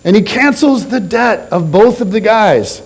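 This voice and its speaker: A man preaches a sermon as a pastor in a church, telling a story with animated, unhurried delivery. He drops low and soft for quoted lines. The audio quality is poor.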